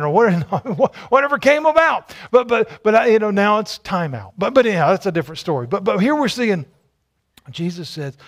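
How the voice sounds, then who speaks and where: A male pastor preaching a sermon, emphatic and repetitive, with rhetorical questions and stammered restarts. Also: sits high.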